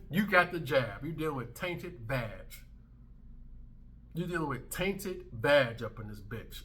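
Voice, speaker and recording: Man in his thirties, vlog host; brash emphatic rant, bright tense tone. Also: fairly high pitch. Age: 30s. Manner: brash, emphatic, swearing freely. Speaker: commentary channel host. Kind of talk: ranting commentary vlog.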